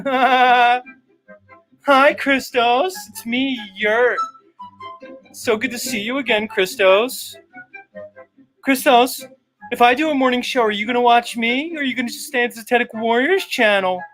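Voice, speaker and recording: A man's voice: very high voice, moderate pace, a bit bright, faint music behind, voice pushed up, poor audio. A man putting on a whiny simpering rival streamer. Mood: mocking. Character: whiny mocking parody of a male rival streamer.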